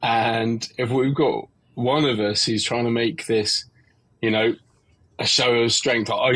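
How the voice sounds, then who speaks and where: A man's voice: mid-range voice, steady tone, takes it slowly, fairly bright tone. A man hosting a podcast, talking earnestly in an open conversational interview and livening up when he acts out the questions people ask. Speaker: podcast host.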